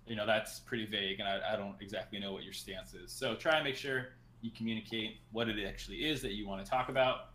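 Bright-voiced producer in an echoey room. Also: male voice, fairly low pitch, steady tone, slight background noise. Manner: slow, explanatory, dry teasing. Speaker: stream producer. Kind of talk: giving caller instructions. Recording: roomy echo.

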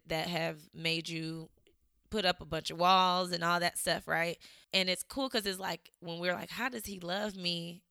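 A woman's voice: lowish voice, sharp tone, clear, resonant tone, no room sound, studio quality. A young woman with a slight Southern drawl, talking to her viewers in a chatty, reflective way, with lots of fillers. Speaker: vlogger. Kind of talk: casual reflective talk to camera.

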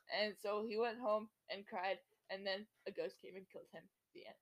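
A woman's voice: medium pitch, steady tone, normal speed. A woman co-hosting a podcast, telling a silly made-up story in a giggly, rambling way. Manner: giggly, rambling, makes it up as she goes. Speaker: podcast co-host. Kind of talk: playful improvised storytelling.

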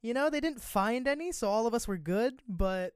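A woman's voice: a little high, normal speed, clear, resonant tone, no room sound, clean studio sound. A young woman co-hosting a casual podcast, telling a school story with acted-out quotes and plenty of swearing. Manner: animated, swears freely, acts out quotes. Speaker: podcast co-host. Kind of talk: casual chat.

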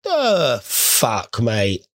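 A man's voice: mid-range voice, huge pitch swings, very slow. A man in a crude, rambling comedic rant, swearing freely as he talks to his viewers. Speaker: vlogger. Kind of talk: casual comedic rant to camera.

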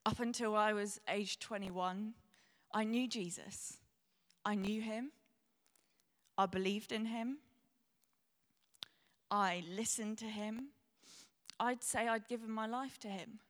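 A woman's voice: medium pitch, fairly bright tone. A young woman preaching a sermon, earnest and candid, tearful as she speaks. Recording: long hall reverb.

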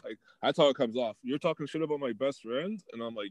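A man's voice: mid-range voice, fast talker, hardly any pauses, no room sound. A man in casual chat, animatedly retelling an argument and acting out both sides, with streetwise slang. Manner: animated storytelling, acts out quoted arguments; streetwise slang, says yo and dog.

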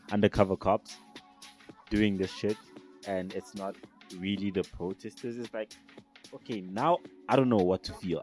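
A man's voice: sits low, a little mellow. Heated South African man ranting. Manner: heated, profane, emphatic ranting. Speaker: vlogger. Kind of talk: casual rant to camera.

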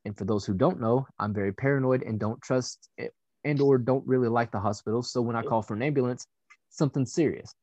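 A young man telling a personal story in a casual, blunt way, swearing freely and filling pauses with "you know". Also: mid-range voice, darkish tone, dry recording. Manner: candid and profane, with frequent fillers.

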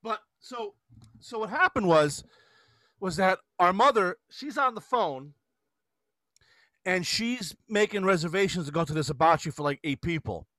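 High bright guy chatting on a podcast, voice swoops around, dry close sound. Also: unhurried, dry recording. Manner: animated storytelling, laughs often. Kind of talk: casual chat.

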